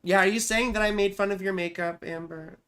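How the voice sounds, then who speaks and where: A woman's voice: medium pitch, fairly even intonation, brisk, a bit bright, clear, resonant tone. A woman astrologer giving a casual live-stream reading, chatty and profane, who keeps answering her chat.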